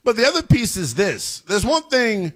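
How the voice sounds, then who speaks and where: A man's voice: high-pitched, sing-song, moderate pace, fairly bright tone. A man hosting a sports radio show, giving emphatic, fired-up commentary and talking straight to his listeners.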